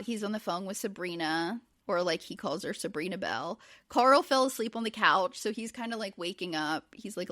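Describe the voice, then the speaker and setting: A woman's voice: mid-range voice, no echo, studio quality. A woman in her forties, a podcast host, recapping in casual chat with lots of fillers. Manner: chatty, animated, many fillers.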